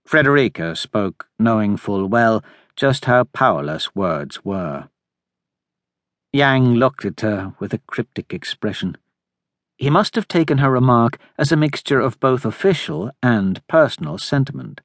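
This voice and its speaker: A man narrating an audiobook in a steady, measured way. His voice sits at a mid pitch and is recorded dry and close on a studio mic. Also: dry recording. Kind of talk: scripted narration.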